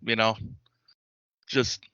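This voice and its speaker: A man's voice: drawn-out words, bright, forceful tone, dry recording. A man running a tabletop game as game master, rambling with fillers and laughing often. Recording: dull lo-fi dry recording.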